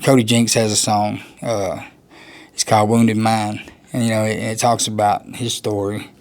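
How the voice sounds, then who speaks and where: A man's voice: lowish voice, little pitch movement, moderate pace, a little mellow. A man, a country musician, talking casually in an interview, rambling and laughing often. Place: outdoors at a music festival.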